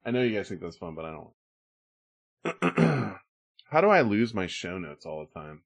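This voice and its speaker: A man's voice: fairly low pitch, big pitch swings, normal speed, gravelly. A man hosting a casual podcast, joking with co-hosts and reading listener emails aloud. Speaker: podcast host.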